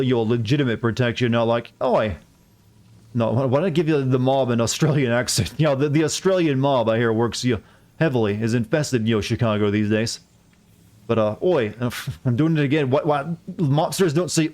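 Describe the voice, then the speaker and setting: A man talks loosely over a game stream, circling his points with "you know" and half-started words. His pitch sits in an ordinary middle range for a man, and his humor turns back on himself. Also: darkish tone. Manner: rambling, self-deprecating joker with many fillers and restarts. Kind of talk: casual live-stream chat while playing.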